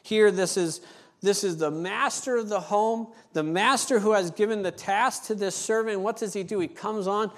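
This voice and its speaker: A male pastor preaching a sermon, telling a story with lively acted-out dialogue, then slowing into an earnest teaching tone. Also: sits high. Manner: animated storytelling, acting out dialogue; slows down and turns earnest for teaching points.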